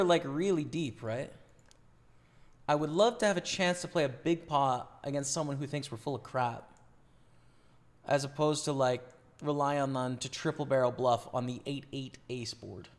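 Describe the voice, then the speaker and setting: A man's voice, a little hoarse from losing it, talking through poker hands on a live stream. His delivery is casual and conversational as he reasons out loud about his plays and answers viewers. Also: medium pitch, lively intonation, normal speed. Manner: casual, thinks aloud about each hand and chats with viewers.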